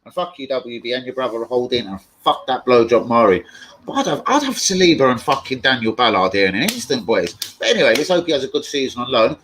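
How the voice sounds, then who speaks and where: A young man chatting casually and excitably on a live stream, swearing freely as he reads chat. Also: mid-range voice, quick pace, a little hiss or hum, low-quality recording. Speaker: fan channel live streamer.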